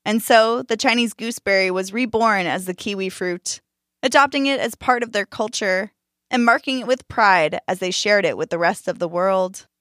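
A woman narrating a scripted story in a calm, measured and expressive way. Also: mid-range voice, no room sound, clean studio sound.

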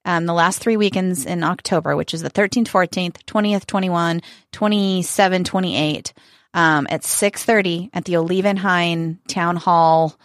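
A woman's voice: fairly low pitch, steady tone, normal speed, dry recording. Middle-aged woman, chatty co-host, enthusiastic, repeats herself, dry close sound. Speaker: podcast co-host. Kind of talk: casual chat.

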